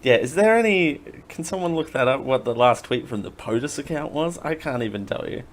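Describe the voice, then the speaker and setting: A man's voice: medium pitch, animated, fairly quick. A man hosting a podcast in casual chat, joking around and laughing often. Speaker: podcast host.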